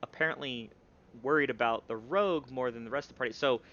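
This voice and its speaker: Bright-voiced man running a tabletop game. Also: medium pitch, fast, muffled recording, slight background noise. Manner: rambling, many fillers and restarts. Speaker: game master.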